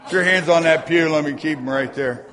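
A male pastor preaches a sermon in a church sanctuary, reading scripture aloud and tossing asides to his congregation. His slightly high voice is fairly bright and brisk, and the recording carries long hall reverb.

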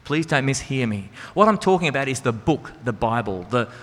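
A man's voice: mid-range voice, lively intonation, brisk, fairly bright tone. Earnest man preaching in a hall. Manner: earnest, conversational preaching with rhetorical questions. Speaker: Christian speaker and singer. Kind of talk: sermon. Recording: reverberant hall with music behind.

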